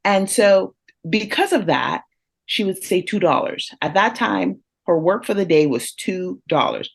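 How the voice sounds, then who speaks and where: Animated woman telling a family story. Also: medium pitch, measured pace, gravelly, breathy edge. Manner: animated, laughs often while telling stories; addresses listeners directly. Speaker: guest speaker on parenting. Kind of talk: conversational storytelling.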